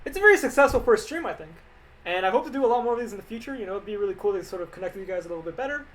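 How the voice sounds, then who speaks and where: A young man rambling casually on a livestream, reading viewer questions aloud and answering them into a desk mic that clips when he gets loud. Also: high voice, lively intonation, very fast. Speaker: livestreaming animator.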